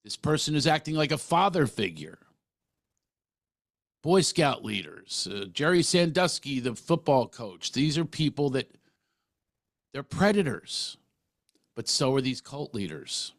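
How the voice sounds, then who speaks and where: A man's voice: mid-range voice, sing-song, unhurried, creaky, long pauses, dry recording, clean studio sound. A middle-aged man hosting a podcast, talking earnestly and emphatically, often restarting his sentences. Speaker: podcast host. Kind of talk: casual interview talk.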